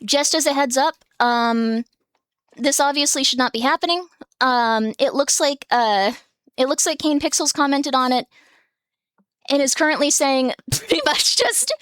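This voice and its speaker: A woman's voice: high voice, fairly bright tone, dry recording, studio quality. A woman streamer chatting casually from home, rambling with lots of filler words and small laughs. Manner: giggly, breaks into small laughs. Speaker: streamer host. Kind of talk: casual live-stream chat. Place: home room with her cats.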